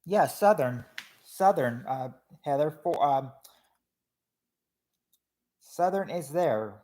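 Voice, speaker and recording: Hosting a family game show on a livestream, a man with a slightly high, expressive voice and a darkish tone speaks at a slow pace. He chats casually, reads out viewers' answers and names, and frequently restarts with hesitation.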